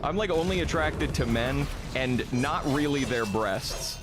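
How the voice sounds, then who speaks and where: A man's voice: medium pitch, animated, measured pace, noisy background. A young man chatting casually on a live stream, reading chat, rambling, laughing often and swearing freely.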